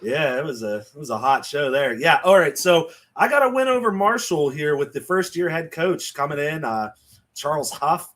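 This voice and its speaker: His voice is a little high, with big swings in pitch, a fairly bright tone and a moderate pace. He's a chatty, joking podcast co-host who laughs a lot while going over college football picks in casual betting talk.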